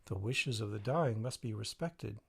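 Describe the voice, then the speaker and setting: A man's voice: lowish voice, animated, moderate pace, gravelly, slightly rough, heavily acted. A man voicing a doting, firm king in a read fairy tale, speaking in a declaring tone.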